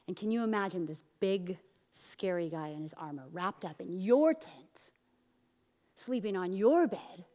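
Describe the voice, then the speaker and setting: Woman pastor telling a story in a reverberant hall. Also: unhurried. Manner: animated storytelling, acting out quotes with big swings of pitch and loudness. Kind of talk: sermon storytelling. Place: church.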